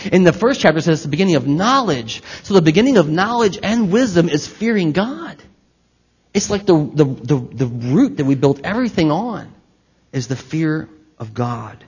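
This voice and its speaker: A man's voice: fairly high pitch, animated, moderate pace, slightly rough. A man preaching a sermon to his congregation, talking conversationally with asides and direct questions to the listeners. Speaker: pastor. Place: church hall with congregation. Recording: echoey hall, slightly dull sound.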